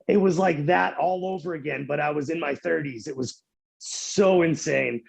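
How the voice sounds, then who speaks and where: A man in his thirties speaks as a podcast guest, with a slightly high voice and lots of vocal fry. He tells his story in an animated, casual way, repeating words as he goes. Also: moderate pace.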